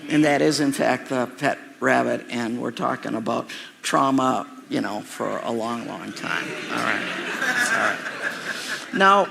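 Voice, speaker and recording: A man preaching a sermon, telling a personal story in an animated way and acting out its sounds and voices. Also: mid-range voice, a little slow, creaky, noisy background. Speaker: pastor. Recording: reverberant hall recording.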